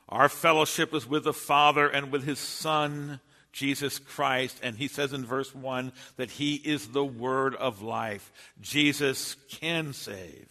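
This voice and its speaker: A man's voice: medium pitch, pushed and bright, big-room sound. A male pastor preaching a sermon in an earnest, storytelling manner.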